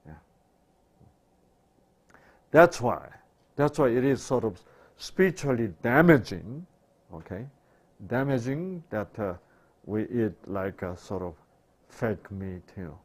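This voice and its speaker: A man's voice: on the low side, expressive, slow, pauses often. A man giving a sermon-style health talk, asking rhetorical questions and answering them himself, with broken, repetitive phrasing. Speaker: health lecturer.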